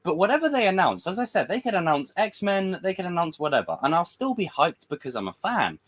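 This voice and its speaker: A man's voice: high voice, big pitch swings, a little fast. A man giving a casual, frustrated livestream rant as a film commentator, swearing and acting out quotes.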